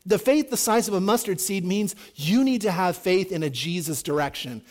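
A man preaching with a voice pitched a touch high. He tells the stories animatedly, jumping between loud, excited lines and hushed, quieter ones as he acts out the people in them. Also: normal speed. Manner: animated, acts out quoted voices with big swings in pitch and volume. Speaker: pastor. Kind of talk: sermon.

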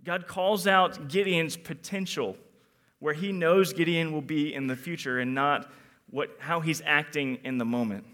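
A man preaching a sermon to young people, animated, acting out quotes and moving between loud emphasis and quiet reflection. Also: on the high side, measured pace. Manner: animated, acts out quotes in different voices.

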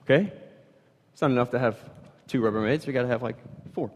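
A man preaches in a casual, animated way, his voice rising into loud emphatic bursts and then dropping to quiet, low lines. His pitch sits mid-range for a man. The sound carries a long reverb, as in a church sanctuary. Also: fast talker, background noise. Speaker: pastor. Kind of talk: sermon. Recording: reverberant hall.

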